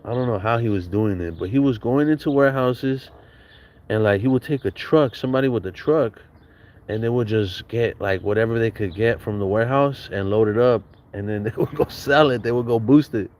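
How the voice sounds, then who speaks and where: A man's voice: mid-range voice, brisk, darkish tone. A man casually telling childhood stories in a slangy, profane way, acting out quotes and laughing now and then. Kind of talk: casual storytelling.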